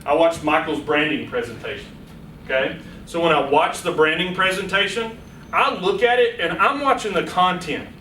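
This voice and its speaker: A man giving a lively, playful public speaking workshop to a small audience in a meeting room, speaking straight to them. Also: on the high side, normal speed, a little hiss or hum. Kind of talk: live workshop lecture. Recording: echoey room, voice from a distance.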